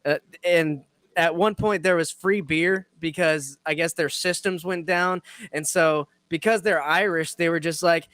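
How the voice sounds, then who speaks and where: A man's voice: on the high side, moderate pace, pushed and bright, dry recording. A man hosting a casual sports podcast, rambling, self-mocking and laughing often. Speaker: podcast host.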